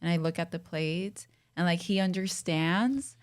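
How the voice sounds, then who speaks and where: Podcast guest, woman, slightly low pitch, quick conversational delivery. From Colombian family. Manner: quick, chatty, peppered with "like".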